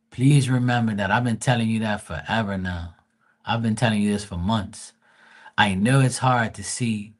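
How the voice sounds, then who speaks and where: A man, giving blunt, profane advice on a casual livestream. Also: medium pitch. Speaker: live tarot reader.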